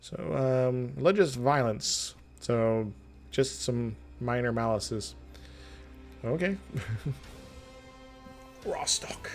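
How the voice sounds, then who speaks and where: A man's voice: mid-range voice, takes it slowly, a little mellow, soft background music. A man streaming a strategy game live, rambling through his thoughts aloud in a jokey, self-amused way. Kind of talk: casual strategy-game commentary.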